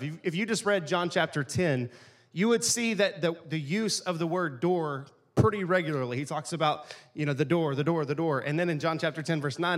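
A pastor delivers his sermon like a chat with friends, full of jokes and asides. His voice sits a little higher than most men's. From East Texas, USA. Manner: casual, joking, conversational preaching.

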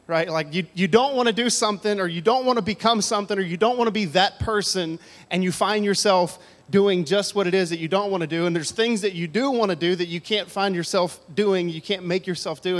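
A man preaching a casual, conversational sermon to a congregation on a handheld mic, with joking asides. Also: sits high. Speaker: pastor. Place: church hall with audience. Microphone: handheld microphone. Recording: long hall reverb.

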